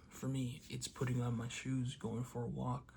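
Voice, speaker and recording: A man's voice: mid-range voice, completely flat delivery, unhurried, gravelly, slight background noise. A young man talking casually to camera in a motivational vlog, telling a story and acting out quotes. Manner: storytelling, acts out quotes loudly. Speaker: vlogger.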